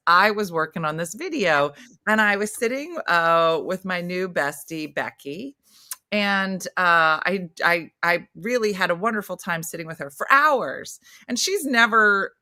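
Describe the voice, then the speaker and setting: A middle-aged woman co-hosting a casual chat, telling stories in an animated way and slipping into playful voices. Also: on the low side, no echo, clean studio sound. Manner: animated storyteller, playful voice shifts. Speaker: podcast co-host.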